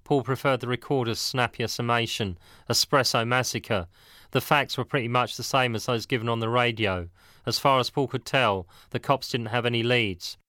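A man reads a story aloud in a steady, matter-of-fact way. His voice is bright and forward. The sound is close and dry, with no room. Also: medium pitch, normal speed, no room sound. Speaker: narrator. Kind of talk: audiobook narration.

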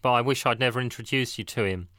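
A jealous, possessive young man from an audiobook, as the reader puts him on, his voice bright and pushing. He swings from pleading to angry demands. The sound is close and dry. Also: medium pitch, fast talker, no echo, natural voice.

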